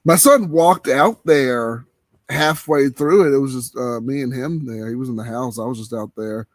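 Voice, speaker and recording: A man's voice: medium pitch, normal speed, dry recording. A man hosting a live talk stream, chatting casually in a loose, laid-back way. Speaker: livestream host. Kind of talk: casual chat.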